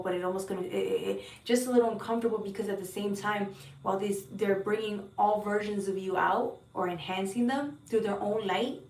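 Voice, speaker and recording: A woman's voice: medium pitch, distant mic. Earnest woman tarot reader in an echoey room. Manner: earnest, heartfelt, repeats words, swears now and then. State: emotional at times. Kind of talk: spiritual tarot reading to viewers.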